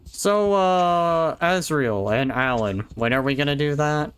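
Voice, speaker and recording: A man's voice: fairly high pitch, lively intonation, a little slow, fairly bright tone, clean tone. A man chatting playfully with friends on a gaming stream, joking around. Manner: playful, jokey. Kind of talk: casual gaming chat.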